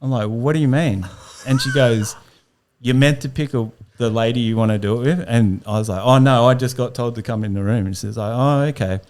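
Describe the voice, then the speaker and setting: A man's voice: medium pitch, steady tone, a little fast, a little mellow. A young man, a podcast guest, telling a self-deprecating story and laughing through it. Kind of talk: casual storytelling.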